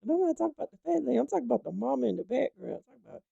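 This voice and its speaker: A woman's voice: high voice, big pitch swings, very fast, gravelly, hardly any pauses, mellow, slightly rough, dry recording, muffled recording. A woman hosting a gossip talk show, chatting emphatically and speaking straight to her viewers. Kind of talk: animated gossip commentary.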